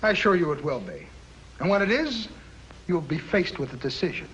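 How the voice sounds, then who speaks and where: An actor playing a scheming, accusatory foreign diplomat in a 1950s TV drama. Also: male voice, sits high, big pitch swings, fairly quick, fairly bright tone, dull audio. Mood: accusing. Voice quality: mocking, accusatory. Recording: old TV soundtrack with faint hiss.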